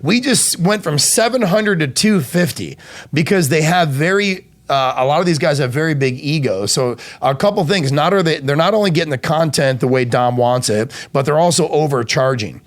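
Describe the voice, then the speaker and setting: Animated and on the high side, this podcast host speaks at a normal speed. His casual storytelling is profane, and he performs the voices of the people he quotes.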